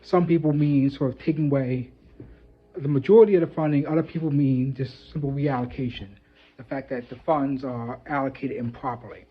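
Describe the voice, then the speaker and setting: A man's voice: medium pitch, fairly even intonation, a little fast, husky. Man musing loosely in a lo-fi recording. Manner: thoughtful, loose, filler-heavy with "sort of". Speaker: video host. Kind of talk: casual commentary to camera. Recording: dull lo-fi audio.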